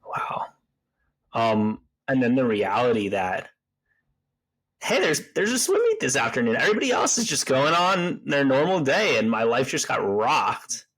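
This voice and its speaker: A man's voice: mid-range voice, very animated, unhurried, a bit bright, low-quality recording. A man hosting a podcast interview, reflective and sympathetic, often restarting his sentences. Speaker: podcast host. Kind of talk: interview conversation.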